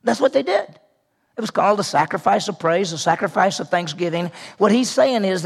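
A male pastor delivers an animated sermon to his congregation. His voice sits high and carries a gravelly rasp. He swings from loud emphatic declarations down to hushed, almost whispered prayer. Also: a little fast. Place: church sanctuary with congregation.

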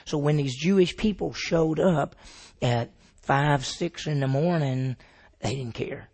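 A man's voice: on the high side, takes it slowly, a little mellow. A man teaching the Bible to a group, asking his listeners questions and answering them himself.

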